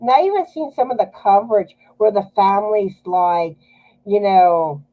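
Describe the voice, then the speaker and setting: A woman's voice: mid-range voice, dark tone, poor audio. A woman with a South Louisiana Cajun accent, hosting a knitting live stream in a chatty way, laughing often. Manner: chatty, laughs often, drawn-out filler words. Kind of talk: casual live-stream chat.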